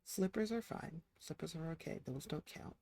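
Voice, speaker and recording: Gravelly, chatty game streamer. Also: mid-range voice, moderate pace, a little mellow, no room sound. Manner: chatty, talks to the game characters. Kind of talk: casual live-stream commentary while playing.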